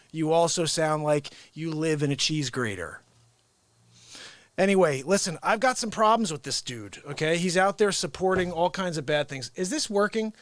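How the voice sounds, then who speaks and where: A man hosting his own comedy livestream, talking loosely to his viewers and drifting from one tangent to the next. His voice sits a bit high for a man. The sound is dry and close, with no room around it. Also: fairly bright tone, no echo. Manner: rambling and chatty, trailing off mid-thought. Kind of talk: casual livestream chat.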